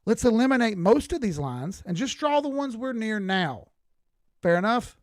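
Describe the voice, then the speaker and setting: A man's voice: high-pitched, very animated, normal speed, no echo. Southern US man, middle-aged, raised voice, dry close sound, blunt folksy chart talk. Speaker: crypto chart analyst. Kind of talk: live-stream chart commentary.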